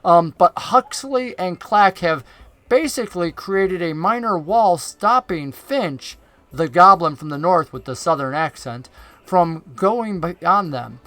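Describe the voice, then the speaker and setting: A man's voice: sits high, expressive, slow pace, sharp tone, no room sound. A man narrating a tabletop game as game master, describing the scene in an easygoing way.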